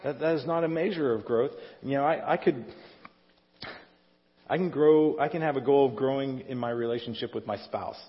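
A man's voice: medium pitch, normal speed. A middle-aged male pastor preaching a conversational sermon, often asking the congregation questions. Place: church sanctuary. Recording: dull sound in a reverberant hall.

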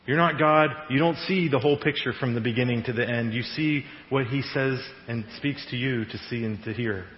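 A male pastor giving a conversational, animated sermon in a church and laughing now and then at his own jokes. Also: medium pitch, a little fast, slight background noise. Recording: echoey hall, dull radio-like sound.

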